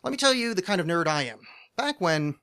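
A man's voice: sits high, big pitch swings, a little fast, pushed and bright, smooth. A young man co-hosting a casual podcast about a TV show, rambling and joking with lots of restarts. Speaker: podcast co-host.

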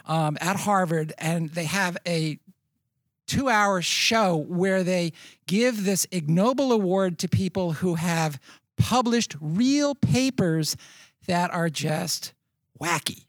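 High-voiced man telling stories. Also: takes it slowly, no room sound, studio quality. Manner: enthusiastic, laughs while telling stories. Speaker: podcast co-host. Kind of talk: casual live podcast chat. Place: live event in front of an audience.

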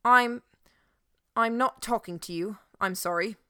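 A woman reading the part of a frightened male doctor who speaks haltingly, in a dry studio recording. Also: on the high side, bright, forceful tone, clean tone, dry recording, voice pushed up. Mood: nervous, halting. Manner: halting, nervous.

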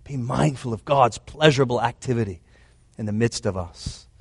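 A man's voice: medium pitch, moderate pace, creaky, a little mellow, slightly rough, dry recording. A man preaching a sermon in an earnest, emphatic way, often restating his points. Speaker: pastor.

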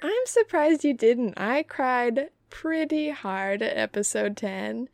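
A woman's voice: a little high, animated, slow, darkish tone, dry recording. A young woman co-hosting a podcast, chatting casually with a jokey, playfully dramatic manner. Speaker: podcast co-host. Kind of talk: casual chat.

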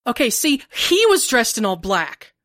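A woman's voice: a little high, very animated, unhurried, a bit bright, no room sound, clean studio sound. A woman playing a tabletop game, chatting and joking with the table. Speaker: player. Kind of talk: casual chat at a tabletop game.

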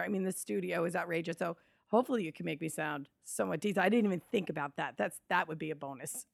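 A woman hosting a podcast in a music studio, talking in an upbeat, encouraging way with a hoarse morning voice. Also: medium pitch. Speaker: podcast host. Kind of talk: casual interview chat.

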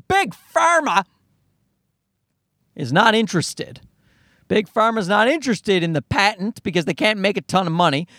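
Potty-mouthed podcast guy rambling on, high voice that swoops all over, dry and close. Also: fairly bright tone, no room sound. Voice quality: profane, rambling, sarcastic. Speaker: podcast host. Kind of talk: casual podcast monologue.

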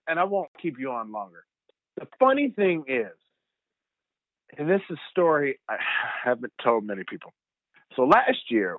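A young man telling rambling, animated stories as a guest over the phone, laughing often. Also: on the high side, no echo. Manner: animated, rambling storyteller who laughs a lot. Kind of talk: phone interview storytelling. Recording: tinny dry phone line.

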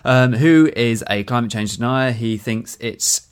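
A man's voice: medium pitch, unhurried, smooth. A man co-hosting a podcast, explaining a news story step by step in a casual chat, with many ums. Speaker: podcast co-host.

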